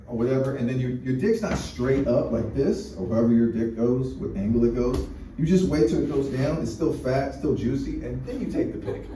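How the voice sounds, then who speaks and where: A man's voice: medium pitch, dark tone. A man doing a rambling, crude stand-up set with frequent restarts and fillers. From United States. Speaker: stand-up comedian. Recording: echoey room mic from a distance, faint noise.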